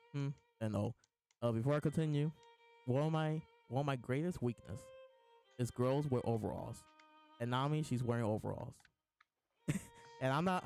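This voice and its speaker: A man's voice: mid-range voice, vocal fry, a little mellow. Laughing man reading comics aloud. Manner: reads lines aloud with frequent laughs and restarts. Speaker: host reading and reacting to a comic chapter. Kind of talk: casual live reaction chat.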